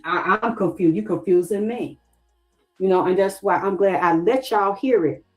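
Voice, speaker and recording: A woman's voice: medium pitch, moderate pace, soft background music, poor audio. A middle-aged woman with a Southern US accent, talking on a livestream and pressing her viewers with the same questions over and over, stopping to thank them and read their comments aloud. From Southern United States. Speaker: livestream host. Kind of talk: emotional livestream talk to viewers.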